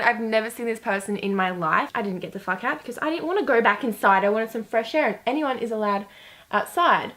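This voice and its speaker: A woman's voice: a little high, lively intonation, brisk, bright, forceful tone. A young woman chats her way through a makeup tutorial. She talks casually and loosely, with plenty of filler words. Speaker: beauty vlogger.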